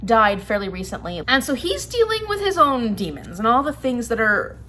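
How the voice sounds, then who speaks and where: A woman's voice: a little high, sing-song, normal speed, sharp tone, slight background noise. A woman chatting casually about books in a vlog, rambling a little and laughing often. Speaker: book vlogger. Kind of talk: casual chat.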